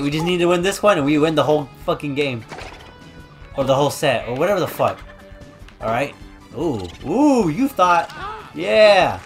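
A young man shouts and curses his way through let's-play commentary, trash-talking the game. His voice sits high and leaps around in pitch. Faint game music plays behind him. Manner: loud, swearing, trash-talking, yelling at the game. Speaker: gaming YouTuber.

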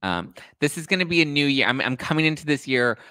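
A young man hosts a casual gossip talk show, spinning stories in a campy, animated way and swearing freely. His voice is bright and swoops widely in pitch, and it sounds dry and close to the mic. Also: quick pace, clean tone, no room sound. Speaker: host.

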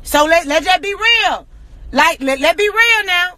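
A woman in an angry, profane rant to camera, hammering rhetorical questions and often shouting. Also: very high-pitched, animated, measured pace, no echo. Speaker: social media personality.

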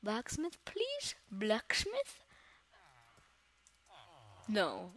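Excitable gamer woman doing let's-play commentary, dramatic, keeps repeating words, medium pitch. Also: extremely slow, pauses often. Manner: dramatic, talks straight to viewers. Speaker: gamer host.

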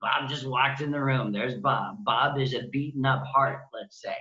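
A man speaking as a guest healing practitioner, gentle and compassionate, voicing kind words he would say to his own pain. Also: medium pitch, moderate pace, reverberant, muffled recording. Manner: gentle, compassionate, acts out inner dialogue. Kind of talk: interview, conversational.

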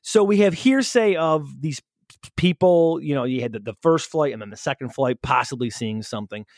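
A man's voice: medium pitch, animated, moderate pace, no room sound, studio quality. A man co-hosting a podcast in casual chat, joking and teasing his partner. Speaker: podcast co-host.

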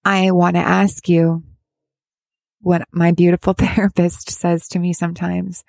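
A woman speaking as a parent of a child with addiction, giving candid advice in a halting, heartfelt way with many restarts. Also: on the low side, level tone, creaky, a little mellow, dry recording. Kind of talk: candid personal advice talk.

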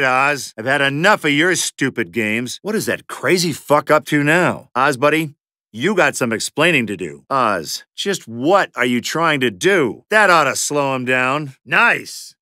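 A sardonic, foul-mouthed mercenary from a zombie shooter game, tossing out wisecracks with a bright, edgy tone. His pitch leaps all over the place, and the sound is dry and close. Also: no room sound, full character voice. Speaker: video game character. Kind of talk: game voice lines.

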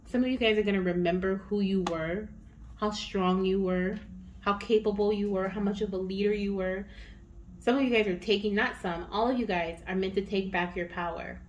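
A woman's voice: mid-range voice, fairly even intonation, moderate pace, slight background noise. Chatty, encouraging woman reading tarot. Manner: encouraging, chatty, repeats "okay?" often. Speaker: tarot reader.

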